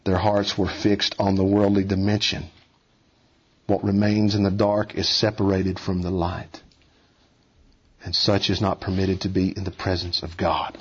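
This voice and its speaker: A man's voice: deep voice, flat delivery, unhurried, slightly rough. A man preaching an expository sermon, rising and dropping his voice for emphasis and urging his listeners to hear him. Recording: dull lo-fi recording.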